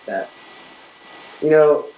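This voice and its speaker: A woman's voice: extremely slow, dark tone. A woman co-hosting a podcast in casual, rambling chat. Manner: chatty, rambling with fillers. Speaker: podcast co-host. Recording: roomy with faint hiss.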